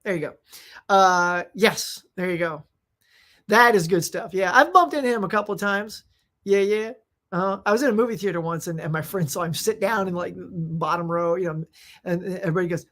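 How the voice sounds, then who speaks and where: A woman hosting a casual live-stream show, reading out viewer comments and answering them in an excitable, rambling, slangy way. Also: mid-range voice, a little fast. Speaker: host of a live movie chat show.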